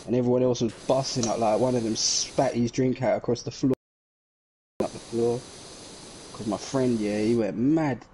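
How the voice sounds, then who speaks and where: Young lad streaming a game, slangy banter, quick to laugh. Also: male voice, medium pitch, fairly even intonation, mellow, a little hiss or hum. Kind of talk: casual chat while gaming on stream.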